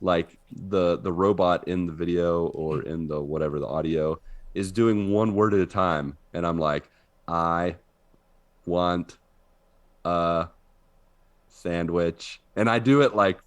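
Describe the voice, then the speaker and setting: A man co-hosting a podcast, telling an animated story in casual chat and laughing often. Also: low voice, moderate pace. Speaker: podcast co-host. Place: living in Brazil.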